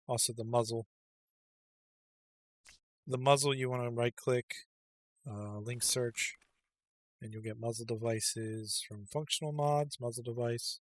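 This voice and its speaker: With a medium-pitched, slightly bright voice, this man rambles through a relaxed video game tutorial voice-over as a game guide creator, constantly using ums and uhs.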